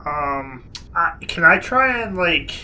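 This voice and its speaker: A man's voice: a little high, sing-song, takes it slowly, sharp tone, a little hiss or hum, low-quality recording. A man playing in a tabletop game, tentatively thinking aloud about his character's moves. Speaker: player.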